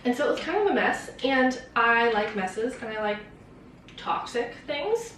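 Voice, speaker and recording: A woman's voice: a little high, sing-song, measured pace, background noise. A young woman vlogger chatting casually about a book, rambling and swearing with lots of fillers. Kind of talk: casual chat. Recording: very echoey room, distant mic.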